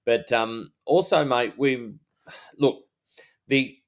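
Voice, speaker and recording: A man's voice: medium pitch, takes it slowly. A middle-aged Australian man co-hosting a podcast, talking in a rambling, casual way with lots of fillers and restarts. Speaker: podcast co-host.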